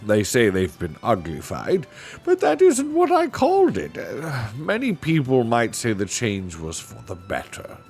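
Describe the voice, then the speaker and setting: A man voicing a mild, sleepy old male magician who talks in a gentle, chuckling, rambling way. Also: medium pitch, wildly swooping pitch, a little slow, faint music behind, pitched above the performer's own voice. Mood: genial.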